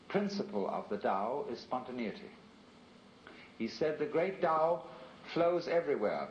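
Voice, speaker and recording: A man giving a philosophical lecture in a measured, reflective and rhetorical way. The recording is an archival lecture tape. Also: medium pitch, reverberant, muffled recording, slight background noise.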